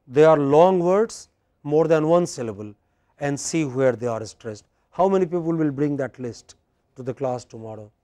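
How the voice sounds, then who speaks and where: A man's voice: fairly high pitch, warm tone, dry recording. A man lecturing a class as a teacher, drilling pronunciation and checking in with questions.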